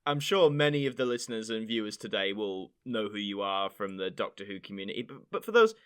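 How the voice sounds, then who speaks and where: A man's voice: lowish voice, lively intonation, brisk, a bit bright, clean tone. A man hosting a podcast, chatting casually with a guest and laughing often. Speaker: podcast host. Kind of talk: casual interview chat.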